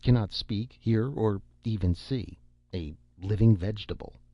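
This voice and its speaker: A man's voice: fairly low pitch, unhurried, no echo, pitched above the performer's own voice. A man voicing a blunt, matter-of-fact male university president in an audiobook. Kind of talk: scripted audiobook narration. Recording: dull lo-fi recording.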